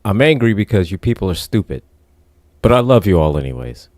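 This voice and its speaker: A man's voice: deep voice, very animated, a little fast, darkish tone, dry recording. A man co-hosting a casual comedy chat show, mock-grumpy and laid back as he tells anecdotes. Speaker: co-host.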